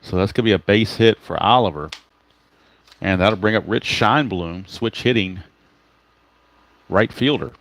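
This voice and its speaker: A man's voice: fairly low pitch, unhurried, pauses often, a bit bright. A man giving casual play-by-play of a tabletop baseball game, explaining each roll and chatting to viewers by name.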